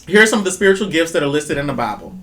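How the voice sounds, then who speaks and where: Animated swearing woman telling spirit stories. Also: sits low, rapid-fire. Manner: animated storytelling, swears freely, acts out voices. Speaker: co-host of a spiritual talk show. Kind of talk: casual spiritual chat.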